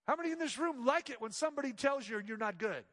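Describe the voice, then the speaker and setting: A man preaching a sermon as pastor, swinging between loud emphatic lines and hushed soft ones. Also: very high voice, lively intonation, fast, long reverb tail.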